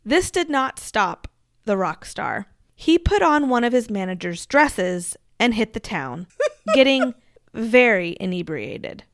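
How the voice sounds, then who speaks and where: A woman's voice: a little high, sing-song, slow pace, no echo, clean studio sound. A woman co-hosting a podcast, telling a story in a casual, chatty way with frequent laughs. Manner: chatty, laughs often, self-deprecating asides. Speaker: podcast co-host.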